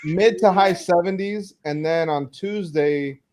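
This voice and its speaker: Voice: medium pitch, unhurried, over a noisy crowd. A co-host chatting casually on a group livestream with an easy laugh. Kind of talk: casual group chat on a video call.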